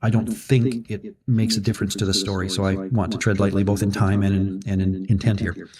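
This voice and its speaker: A man from Minnesota talks through a Bible passage in a relaxed, chatty way, wandering into side stories and correcting himself as he goes. His voice sits fairly low. He sounds a little distant from the microphone. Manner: rambling, chatty storyteller with self-corrections. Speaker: Bible study co-host. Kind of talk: conversational Bible discussion.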